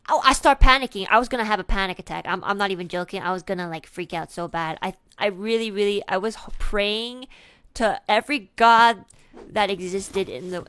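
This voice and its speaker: Rambling young woman with a smooth voice. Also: mid-range voice, pushed and bright, no room sound. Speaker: streamer. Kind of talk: storytelling to a live audience.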